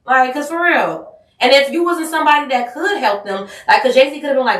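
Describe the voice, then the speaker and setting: Woman podcast co-host, blunt casual chat, high voice, echoey room. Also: expressive, a little fast, fairly bright tone, far from the mic.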